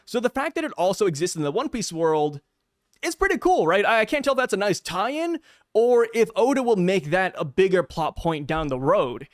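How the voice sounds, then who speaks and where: A man hosting his own manga review videos, talking casually with excitable, slangy asides. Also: high-pitched, normal speed, dry recording, studio quality. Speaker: manga review channel host.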